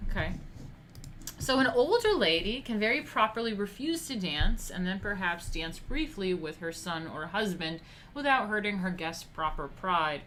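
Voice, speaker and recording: A woman's voice: mid-range voice, animated, normal speed, fairly bright tone, slight background noise. A woman hosting a casual livestream, reading etiquette passages aloud and breaking off into blunt, profane asides to her viewers.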